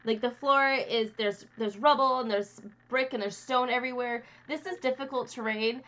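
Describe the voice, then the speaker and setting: Bright-voiced woman game master. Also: a little high, fairly even intonation. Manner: casual, halting, with fillers and restarts. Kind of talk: narrating a tabletop game.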